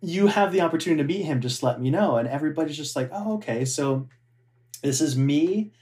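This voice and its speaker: A man's voice: a little high, brisk, a little mellow. A man, a former theme park cast member, telling stories in casual chat with enthusiasm and frequent laughter. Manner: enthusiastic storyteller, laughs often.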